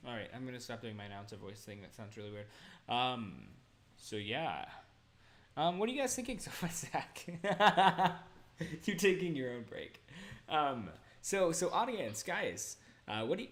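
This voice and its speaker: A man's voice: medium pitch, fairly bright tone. A man playing a tabletop game on a live stream, joking and rambling as he talks to the others and the audience. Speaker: player. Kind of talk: casual chat on a live stream.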